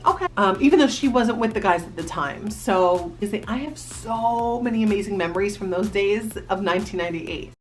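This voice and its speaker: A woman's voice: medium pitch, a little fast, few pauses, soft background music. A woman in her thirties from New Jersey, a vlogger casually telling a story to the camera and reminiscing in a chatty way. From New Jersey, USA. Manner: chatty, animated reminiscing with quoted voices.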